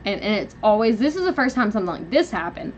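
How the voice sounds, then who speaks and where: A young woman hosting a live stream from home, rambling through an animated personal story with lots of fillers. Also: mid-range voice, fast, muffled recording, slight background noise. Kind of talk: casual venting live chat. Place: at home, indoors.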